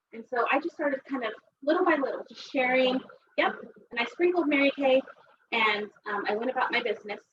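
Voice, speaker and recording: Woman, 30s from Texas, chatty and rambling storyteller at a seminar, slightly high voice, recorded from a distance on a dull, noisy track. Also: echoey room. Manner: chatty, rambling, many fillers. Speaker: seminar speaker. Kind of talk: personal story talk.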